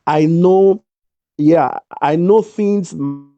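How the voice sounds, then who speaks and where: A man's voice: fairly high pitch, drawn-out words, mellow, highs cut off. A man giving an emphatic motivational talk, repeating his key lines over a video call. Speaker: guest speaker.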